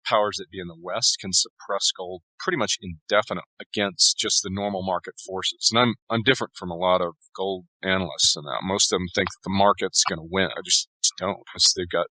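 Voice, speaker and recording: Male author guest, low and punchy, long-winded explainer, dry close sound. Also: fairly quick, hardly any pauses, no room sound, poor audio. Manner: long, steady explanatory answers. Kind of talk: conversational interview.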